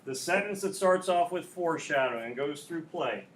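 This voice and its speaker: Patient male English teacher, slightly high voice. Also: expressive, normal speed, a little hiss or hum. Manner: patient, repeats key points to students. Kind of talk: classroom instruction. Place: classroom.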